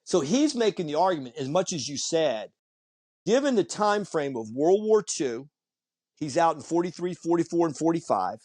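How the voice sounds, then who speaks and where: Casual storytelling comes from a podcast guest whose voice is a little high and whose pace is moderate. He's animated throughout, performing the voices of the people he quotes.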